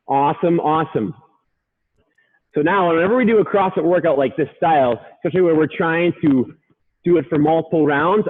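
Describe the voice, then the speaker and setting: A man coaching a workout, upbeat, counting reps and urging listeners on, sometimes out of breath. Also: a little high. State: out of breath at times. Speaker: fitness coach. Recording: tinny phone-like sound.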